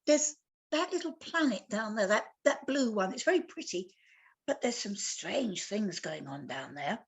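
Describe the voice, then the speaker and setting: A woman in her seventies voicing a gentle, wondering goddess in a told tale, speaking slowly and softly. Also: medium pitch, animated, lightly acted. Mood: puzzled.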